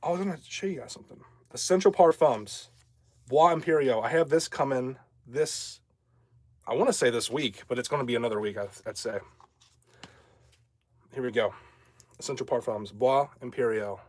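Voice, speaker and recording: A man's voice: mid-range voice, no echo, clean studio sound. A young man hosting a casual livestream, rambling and chatting as he answers viewer comments. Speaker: livestream host.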